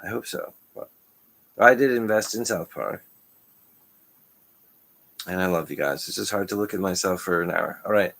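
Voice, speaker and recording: Man, low-pitched, rambling vlogger, stream-of-consciousness delivery. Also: moderate pace, creaky, pauses often, a bit bright. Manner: stream-of-consciousness, restarts, frequent chuckles. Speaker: channel host. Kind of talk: rambling monologue to camera.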